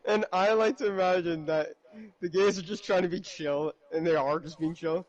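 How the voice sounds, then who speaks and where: A man's voice: high-pitched, steady tone, normal speed, dull audio. A man chatting casually on a stream, telling a story animatedly and laughing often. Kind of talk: casual chat.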